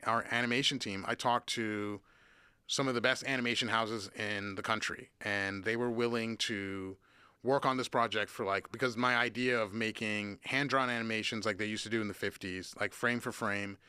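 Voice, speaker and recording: A man from Cincinnati, a guest drummer and producer, telling stories in an animated casual way, full of "like" and swearing. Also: on the low side, normal speed, clear, resonant tone, no room sound. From Cincinnati, USA. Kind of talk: casual interview storytelling.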